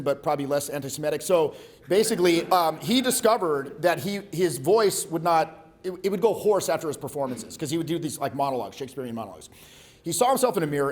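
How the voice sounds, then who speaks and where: Blunt, profane male voice coach. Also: fairly high pitch. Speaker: voice and presence coach. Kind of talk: live workshop coaching.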